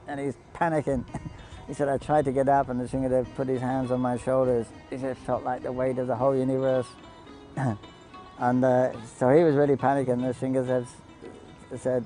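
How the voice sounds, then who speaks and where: Dark-voiced man telling devotional stories. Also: mid-range voice, poor audio. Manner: anecdotal, halting, quotes people in the story. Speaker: devotee storyteller on a pilgrimage broadcast. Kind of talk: devotional storytelling talk.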